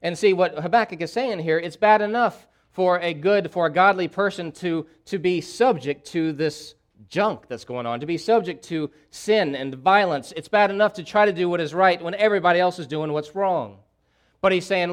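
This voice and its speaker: A man's voice: sits high, normal speed. A man preaching a sermon, delivering impassioned pleas and repeating key phrases for emphasis. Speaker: pastor.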